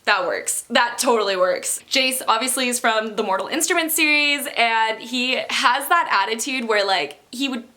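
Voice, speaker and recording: A young woman talking to her vlog audience in a loose, chatty way, full of fillers and little laughs. Her voice sits a bit high and sounds bright. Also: animated, normal speed, few pauses. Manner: chatty, giggly, lots of fillers. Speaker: book vlogger. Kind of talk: casual vlog chat.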